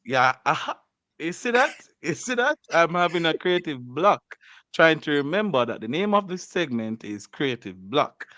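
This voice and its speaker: Guy on the radio, kinda high clean voice, joking around w his guest. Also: normal speed, dry recording. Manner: teasing, animated, laughs often. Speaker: radio host. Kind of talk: playful casual radio chat. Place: radio studio.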